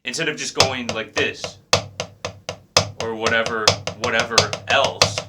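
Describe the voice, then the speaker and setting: A man giving a casual drum lesson, explaining technique in a relaxed way and counting beats aloud. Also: medium pitch. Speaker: drum teacher. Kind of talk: casual instructional talk. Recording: drums clearly heard behind the voice. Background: drum playing.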